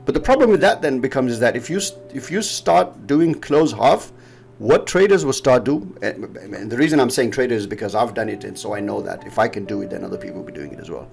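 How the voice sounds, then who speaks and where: A man's voice: medium pitch, lively intonation, fast talker, gravelly, darkish tone, soft background music. A man from Pakistan with a Pakistani English accent, casually walking through market charts in a rambling, explanatory way. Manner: rambling, explanatory, laughs often. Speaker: trading educator. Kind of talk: casual chart-analysis chat.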